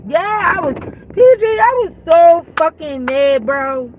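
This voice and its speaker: A woman's voice: extremely high pitch, expressive, slow. A woman telling a heated, profane storytime rant while in her car, repeating herself. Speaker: vlogger. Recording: car noise behind voice.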